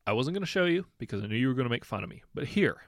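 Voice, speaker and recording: A man voicing a flamboyant, self-pitying prince in his twenties, theatrical and loud. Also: mid-range voice, very animated, very fast, dry recording, studio quality, pitched above the performer's own voice. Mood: melodramatic. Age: 20s. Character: flamboyant, whiny young prince, melodramatic.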